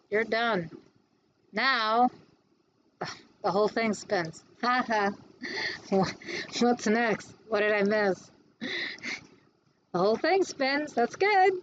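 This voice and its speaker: A woman instructor giving a classroom lecture on design software, chatty and quick to answer her own questions. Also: mid-range voice, highs cut off, a little hiss or hum.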